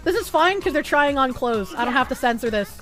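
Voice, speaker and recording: A woman streamer giving casual live reaction commentary with sarcastic, deadpan asides. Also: high voice, fairly quick, music in the background.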